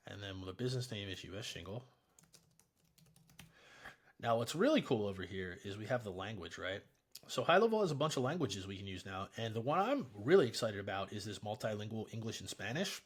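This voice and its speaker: A man with a low, somewhat husky voice hosts a casual software tutorial. He talks in a relaxed, chatty way and explains each step with easy fillers. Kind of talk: casual screen-recorded tutorial.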